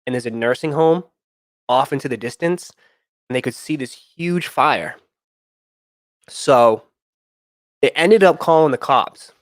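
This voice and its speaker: A man's voice: mid-range voice, a little slow, long pauses, no echo, clean studio sound. A young man hosting a stream, telling a story in a loose, rambling way with many fillers and restarts. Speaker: sneaker channel host.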